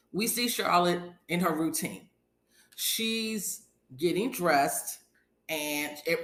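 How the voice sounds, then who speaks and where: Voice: mid-range voice, sharp tone, reverberant. A podcast host giving a casual episode recap, retelling scenes in a chatty way and acting out quotes from the characters.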